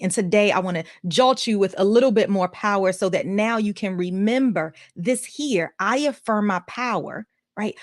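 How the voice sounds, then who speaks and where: A woman's voice: medium pitch, dry recording, studio quality. A woman hosting a live coaching stream, enthusiastic and upbeat, with a folksy way of talking. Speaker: host and life coach. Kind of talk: energetic live-stream talk.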